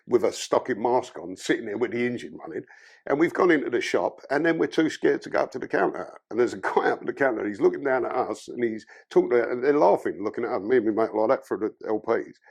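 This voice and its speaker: A man's voice: medium pitch, creaky, darkish tone, slightly rough. A man from London with a London accent, a podcast guest telling his life story in blunt, profane, casual talk.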